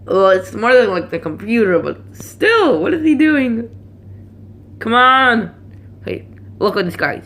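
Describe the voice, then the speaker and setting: A woman hosting a gaming video, commenting excitably on gameplay and shouting at the action. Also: a little high, unhurried. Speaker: gaming channel host.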